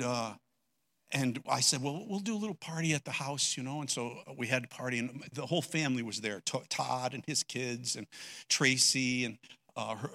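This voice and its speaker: An older man preaching a sermon, telling a personal story with strong emotion, dropping to a hush and then rising loud. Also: medium pitch. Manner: emotional storytelling, swinging between hushed and loud. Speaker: pastor.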